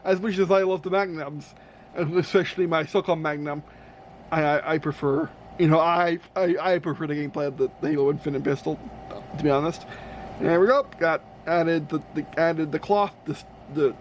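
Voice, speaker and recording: A man whose voice sits on the high side speaks at a moderate pace, casually talking to himself over a Lego build. He rambles, keeps correcting himself, and sorts pieces, and the air conditioner's hum makes the room noisy.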